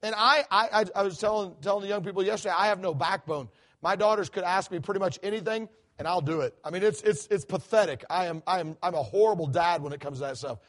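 A middle-aged man preaching a sermon in a church, animated, with many restarts. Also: high voice, fast talker. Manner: animated, acts out quoted voices, many restarts. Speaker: guest preacher. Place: church sanctuary.

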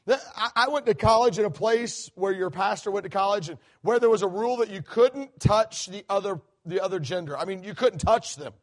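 Guy preaching in church, kinda high voice, animated and stumbly, acts out voices. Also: fairly quick, hardly any pauses. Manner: animated, acts out quoted voices, many restarts. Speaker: guest preacher. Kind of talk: sermon. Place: church sanctuary.

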